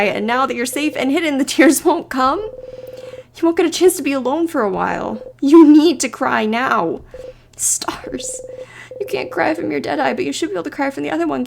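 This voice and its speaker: Expressive woman narrating a game. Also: sits high, vocal fry, a little hiss or hum. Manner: expressive, shifting between hushed and loud. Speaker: streamer. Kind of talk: voiced game playthrough with narration.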